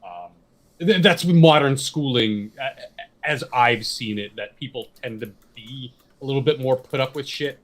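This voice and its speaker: A man talking casually as a podcast co-host, his voice sitting at an ordinary middle pitch. He rambles through his opinions, restarts his sentences and swears without a second thought. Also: unhurried, a bit bright. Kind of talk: casual chat.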